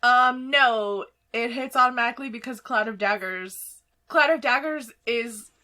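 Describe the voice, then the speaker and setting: A woman narrating as game master for a tabletop game, chatty and quick to laugh. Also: on the high side, pushed and bright. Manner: laughs often, chatty with fillers.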